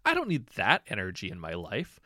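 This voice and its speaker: A guy doing a high dramatic young prince, sulky and over the top, dry close sound. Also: wildly swooping pitch, fairly quick, pushed and bright, no echo, heavily acted. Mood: melodramatic. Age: 20s. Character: flamboyant, whiny young prince, melodramatic.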